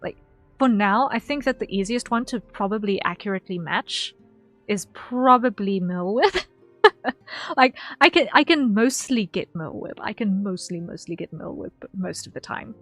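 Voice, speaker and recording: A woman streamer talks casually to her viewers at the end of a session. Her speech rambles, circling back on words and filling gaps with ums, while quiet music plays underneath. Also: medium pitch, animated, moderate pace. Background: faint background music.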